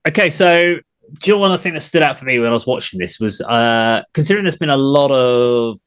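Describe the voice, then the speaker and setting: A man's voice: medium pitch, animated, quick pace, fairly bright tone, clear, resonant tone. A man hosting a music reaction show, chatting with enthusiasm and casual swearing. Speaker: show host. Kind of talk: casual music review chat.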